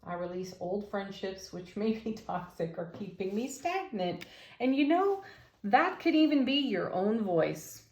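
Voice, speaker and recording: Female tarot reader, warm-hearted enthusiasm, mid pitch, roomy echo. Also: expressive, measured pace. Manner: gentle, enthusiastic, affirming. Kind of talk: tarot reading vlog.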